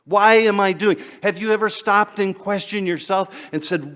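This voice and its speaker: Conversational pastor preaching a sermon. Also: male voice, high voice, normal speed, fairly bright tone, smooth. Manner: conversational, chuckles and repeats words.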